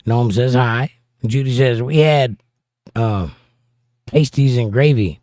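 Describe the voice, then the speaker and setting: A man's voice: medium pitch, slow pace, darkish tone, no echo, studio quality. A middle-aged American man hosting a casual livestream, reading viewer comments aloud with playful, combative banter. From United States. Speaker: livestream host.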